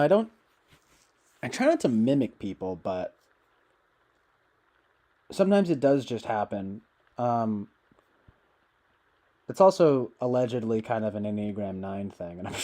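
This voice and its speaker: A man's voice: lowish voice, animated, unhurried, pauses often, mellow. A man chatting casually to his livestream viewers, meandering with many fillers and restarts. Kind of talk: casual rambling livestream chat.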